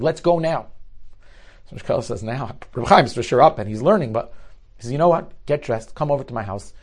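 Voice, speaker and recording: A man telling stories in a sermon, rising loud for climaxes and dropping low for tense moments, with Hebrew and Yiddish terms woven in. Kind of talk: storytelling sermon.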